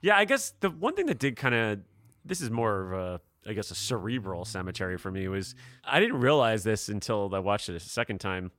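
A man's voice: lowish voice, big pitch swings, fairly quick, fairly bright tone. A young man from South Florida co-hosting a podcast, talking reflectively in a rambling way with many fillers. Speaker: podcast co-host. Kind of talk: casual podcast chat.

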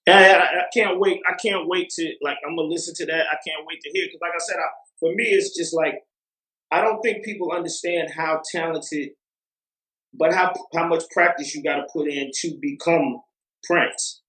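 A man's voice: a little high, fairly even intonation, moderate pace, bright, forceful tone, reverberant, low-quality recording. A man talking as a music producer guest in a casual interview, rambling with lots of fillers and restarts.

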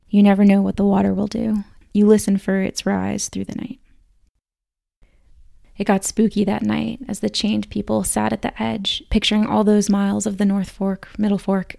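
Gravelly woman host, flat and steady, reading scripted documentary narration. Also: mid-range voice, dry recording, studio quality. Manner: measured storytelling reading. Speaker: podcast host.

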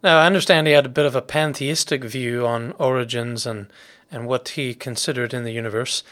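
A man hosting an interview podcast, reading a prepared introduction and measured questions. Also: mid-range voice, fairly even intonation, a bit bright. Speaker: podcast host.

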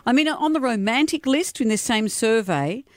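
A woman's voice: on the high side, lively intonation, moderate pace. A woman co-hosting breakfast radio, teasing and laughing in banter. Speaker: radio co-host.

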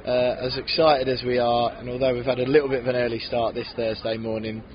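A man's voice: medium pitch, brisk, dull audio. A man hosting a podcast, chatting casually and with animation, recorded outdoors outside a city bar. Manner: chatty, animated, laughs often. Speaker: podcast host. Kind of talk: casual chat.

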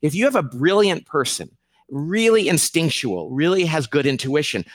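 A man answering interview questions as an author and consultant, lively and acting out quoted people. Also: on the high side, moderate pace, no echo. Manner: animated, acts out quoted people in raised voice.

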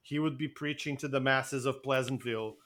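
A man's voice: medium pitch, steady tone, a little fast. A young man co-hosting a casual comedy podcast, rambling and joking with friends. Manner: rambling, puts on a loud Southern preacher drawl for laughs. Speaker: podcast co-host.

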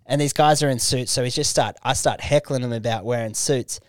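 A man's voice: medium pitch, a little fast, dry recording, clean studio sound. A young Australian man hosting a podcast, telling crude, laughing anecdotes in casual chat. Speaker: podcast host. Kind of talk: casual storytelling.

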